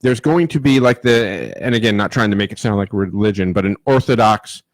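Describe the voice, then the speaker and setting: A man's voice: lowish voice, a little fast, no echo. Joking male podcast co-host, dry sound. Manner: joking, talks over others. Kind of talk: casual chat.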